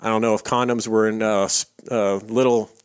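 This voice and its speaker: A man's voice: lowish voice, flat delivery, fairly quick, smooth. Laid-back man telling a true crime story. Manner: laid-back storytelling, swears casually, many fillers. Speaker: podcast co-host. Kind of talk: casual true crime podcast chat.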